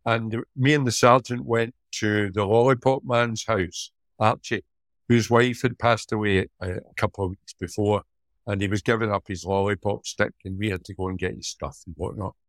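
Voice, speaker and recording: A middle-aged Scottish man, a former police officer co-hosting a podcast, chatting and telling stories in a lively, joking way. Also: on the low side, moderate pace, dry recording. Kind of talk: casual chat and storytelling.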